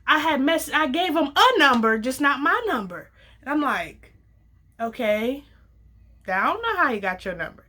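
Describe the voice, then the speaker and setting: A young adult woman casually telling a personal story, acting out the dialogue with lively slang. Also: high-pitched, measured pace, long pauses. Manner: animated, acts out quoted dialogue, casual slang.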